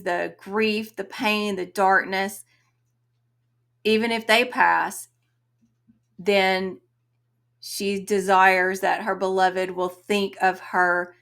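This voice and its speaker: A young woman hosting a poetry channel, reading a poem aloud and explaining it in a slow, explanatory way. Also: mid-range voice, a bit bright.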